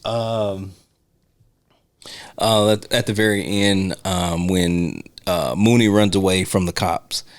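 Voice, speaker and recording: Low-voiced man co-hosting casually. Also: slow pace. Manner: relaxed, laughs while retelling scenes. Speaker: podcast co-host. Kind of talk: casual film discussion podcast.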